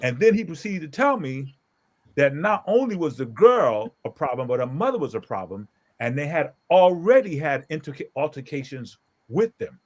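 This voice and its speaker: A middle-aged man, a pastor, telling a story in a casual group talk, animated and emphatic, often checking in with "okay?". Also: on the high side, moderate pace.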